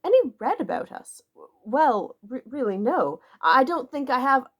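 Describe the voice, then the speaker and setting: Woman voicing a flustered polite Englishman, stammering, higher and brighter, audiobook figure. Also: very animated, unhurried, heavily acted.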